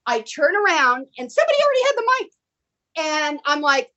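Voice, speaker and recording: A woman's voice: brisk, low-quality recording. A middle-aged American woman, a guest actress telling stories animatedly in casual chat over a video call. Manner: animated, acts out quotes in a high voice. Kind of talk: casual storytelling.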